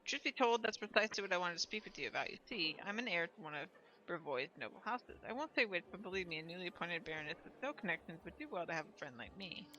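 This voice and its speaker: A woman voicing a polite, scheming young nobleman who speaks smoothly and with self-assurance. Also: lowish voice, expressive, fast talker, pushed and bright, poor audio.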